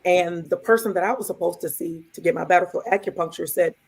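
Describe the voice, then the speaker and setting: A woman's voice: fairly low pitch, fast, creaky, darkish tone, slightly rough. A woman co-hosting a podcast, telling a personal story casually and quoting the dialogue as she goes. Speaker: podcast co-host.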